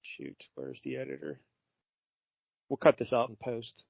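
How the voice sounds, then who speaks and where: A man talks through a comic on a podcast, relaxed and chuckling as he goes. The sound is muffled and dry. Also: rumbling low, unhurried, creaky, no echo. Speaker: podcast co-host. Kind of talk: casual chat recapping a comic.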